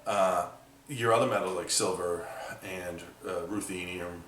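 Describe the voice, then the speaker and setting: Low-voiced man rambling in an echoey workshop. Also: fairly even intonation, a little slow, fairly bright tone, recorded from a distance. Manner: rambling, many fillers, chatty and opinionated. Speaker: electronics scrapping hobbyist. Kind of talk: casual rambling talk while working. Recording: echoey room, voice from off the mic, faint noise.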